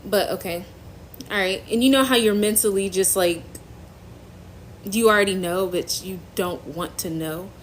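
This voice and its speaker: A woman's voice: medium pitch, a little hiss or hum, poor audio. Emotional young woman on a phone live stream. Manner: halting, earnest, trailing off and restarting. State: emotional, near tears. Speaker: host of a faith-based live stream.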